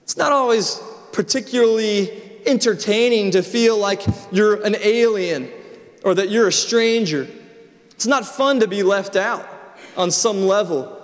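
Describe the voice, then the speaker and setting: A man's voice: sits high, measured pace. A middle-aged man, preaching a sermon and telling personal stories in a conversational way with frequent restarts. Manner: storytelling, conversational with repeated restarts. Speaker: pastor. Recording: long reverb of a large hall.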